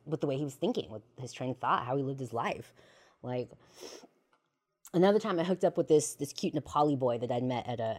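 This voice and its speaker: Low-voiced woman telling blunt stories. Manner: profane, slangy, and laughs often. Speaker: podcast host. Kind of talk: personal storytelling monologue.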